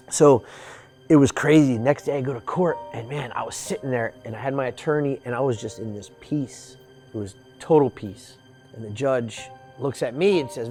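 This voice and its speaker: A man in his forties giving an earnest personal testimony, halting and restarting, and acting out what others said to him. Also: mid-range voice, darkish tone. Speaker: storyteller.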